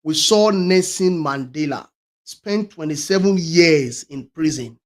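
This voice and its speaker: A man's voice: on the high side, unhurried. A man hosting a talk show, giving an emphatic motivational talk that repeats its key phrases and restarts often. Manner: swings between loud stresses and quiet trailing words.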